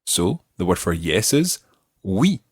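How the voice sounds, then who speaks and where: A man hosting an audio language lesson, explaining patiently and modeling words slowly for listeners to repeat. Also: lowish voice, sing-song, husky, dry recording. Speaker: language teacher and host.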